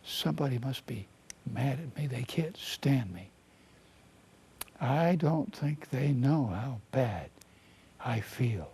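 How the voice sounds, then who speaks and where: A therapist speaking as a nervous, self-doubting inner critic voice in slow, hushed, half-whispered self-talk. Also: male voice, medium pitch, expressive, gravelly, a little hiss or hum. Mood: anxious.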